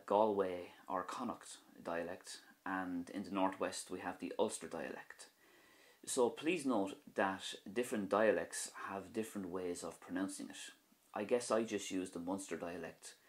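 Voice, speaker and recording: Deep-voiced Irish man teaching pronunciation. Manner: slow, repeats each example word. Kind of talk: video pronunciation lesson.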